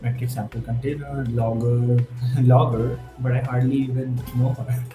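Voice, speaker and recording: A man in his twenties streaming a live coding session, thinking aloud and getting excited, mixing in Hindi words. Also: mid-range voice, normal speed, narrow, tinny audio. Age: 20s. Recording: roomy with faint music behind.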